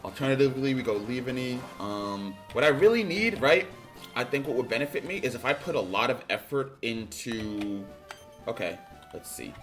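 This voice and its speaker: A man streaming a game, thinking out loud in a loose, rambling way and now and then bursting into loud excitement. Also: mid-range voice, normal speed, soft background music. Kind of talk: casual game commentary.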